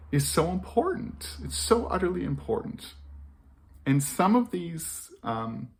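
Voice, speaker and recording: A man's voice: medium pitch, a little mellow. A man talking earnestly to camera about parenting, repeating key phrases for emphasis. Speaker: parenting educator. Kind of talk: reflective talk to camera.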